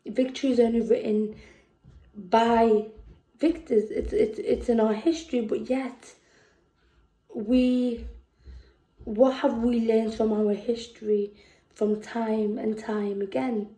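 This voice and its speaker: A woman with a Scouse accent performing spoken word poetry, slow and deliberate, with emphatic repetitions. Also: fairly high pitch, flat delivery, warm tone, roomy sound, rough recording. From England. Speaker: poet. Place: festival venue indoors.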